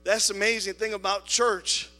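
A man preaching a sermon in a church, telling a story with quoted voices and swinging between loud appeals and soft asides. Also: high voice, flat delivery, moderate pace, big-room sound. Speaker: pastor. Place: church sanctuary.

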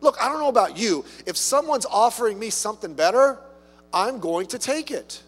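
Lively high-voiced man preaching. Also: normal speed, soft background music. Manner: conversational, with rhetorical questions and humorous asides. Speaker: pastor. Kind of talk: sermon. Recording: long reverb from a hall.

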